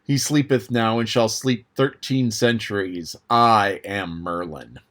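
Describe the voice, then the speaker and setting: Man voicing a gloating, malicious old wizard for a storybook reading; slow and archaic. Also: lowish voice, a bit bright.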